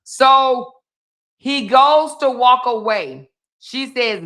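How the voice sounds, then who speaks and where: A woman's voice: high voice, expressive, slow pace, pushed and bright. A woman hosting a livestream, chatting with her viewers while she comments on a video. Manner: chatty, talks straight to viewers. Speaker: livestream host.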